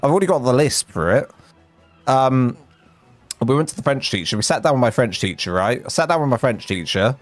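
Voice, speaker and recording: A man's voice: medium pitch, a little fast, no echo, faint music behind. Man with a lisp, rambling. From England. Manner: rambling, self-mocking, animated retelling. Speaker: game streamer. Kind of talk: casual storytelling chat.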